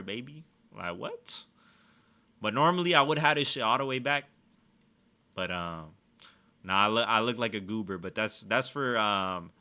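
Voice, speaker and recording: A man giving casual let's-play commentary, swearing a lot and trash-talking with excitable energy. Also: mid-range voice, clean tone. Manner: profane, excitable trash talk. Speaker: gaming streamer.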